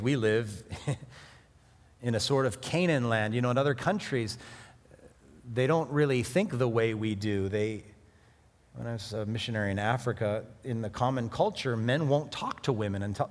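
A middle-aged male preacher delivers a sermon in a relaxed, conversational tone, then breaks into sudden emphatic rises. His voice sits in an ordinary middle register, and the recording carries a long reverb from a church hall. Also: mid-range voice, normal speed.

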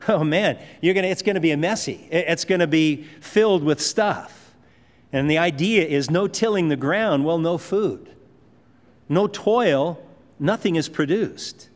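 Male pastor, conversational emphatic sermon delivery, slightly high voice, long hall reverb. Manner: conversational, emphatic preaching with asides.

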